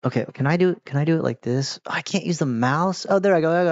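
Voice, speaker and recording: A man's voice: a little high, quick pace, no echo. Man, gaming commentary, chatty, fumbling with controls, dry close sound, muffled lo-fi mic. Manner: chatty, distracted, talks to the game characters. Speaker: gaming streamer. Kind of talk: casual let's-play commentary. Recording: dull lo-fi mic.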